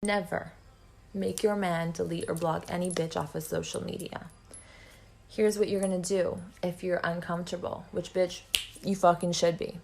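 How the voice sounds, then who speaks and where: Woman, lowish pitch, gravelly fry, blunt, profane, lecturing advice. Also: flat delivery, normal speed, darkish tone. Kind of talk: relationship advice monologue.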